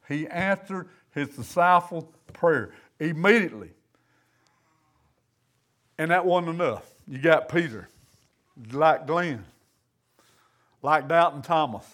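A man's voice: sits high, expressive, a little slow, a bit bright. A man preaching a sermon in a church, in a folksy, conversational way. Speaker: pastor.

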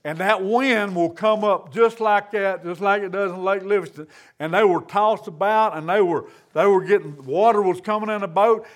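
A man's voice: high-pitched, normal speed. A man preaching a sermon in a church, in a folksy, conversational way. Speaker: pastor.

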